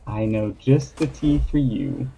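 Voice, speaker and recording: A man doing a slow, calm old-world tea shop keeper. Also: medium pitch, gravelly, slight background noise. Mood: knowing. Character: calm, welcoming male tea shop owner. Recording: dull lo-fi mic.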